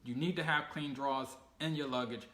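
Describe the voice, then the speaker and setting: Guy telling a funny travel story on his family channel, bright voice, acts out everyone he quotes, echoey room. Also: medium pitch, brisk. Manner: animated storyteller, acts out quoted people, laughs while telling. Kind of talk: casual storytelling chat. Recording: echoey room with faint ambient noise.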